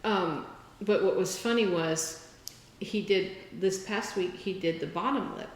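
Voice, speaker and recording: A woman's voice: medium pitch, measured pace. A woman co-hosting a casual crafting podcast, telling a story in a chatty way and acting out the people she quotes. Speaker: podcast co-host. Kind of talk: casual chat. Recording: roomy with long reverb.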